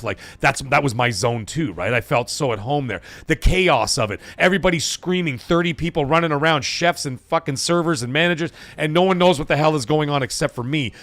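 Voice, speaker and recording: A middle-aged man hosting a gaming live stream, talking casually in a profane, animated rant. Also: on the high side, no echo. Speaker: gaming channel host.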